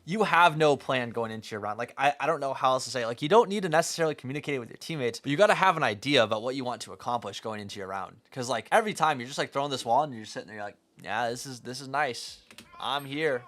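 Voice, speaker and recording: A man's voice: mid-range voice, lively intonation, racing, hardly any pauses, fairly bright tone. A young man giving blunt, profane, teasing critique as he coaches a player over a live stream. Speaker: game coach.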